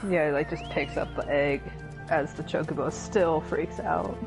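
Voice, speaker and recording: Laid-back woman co-hosting a game playthrough, slow and wry, soft music under. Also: sits low, steady tone, vocal fry. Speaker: let's play co-host. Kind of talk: casual gaming commentary.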